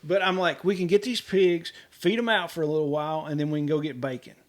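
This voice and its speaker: A middle-aged man with a slightly raised voice tells casual, lively homestead stories. He keeps slipping into the voices of the people in them and laughs easily as he goes. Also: a little high, quick pace. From Kentucky, US. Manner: animated, quotes people in dialogue, laughs often. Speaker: homesteader guest. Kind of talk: casual storytelling.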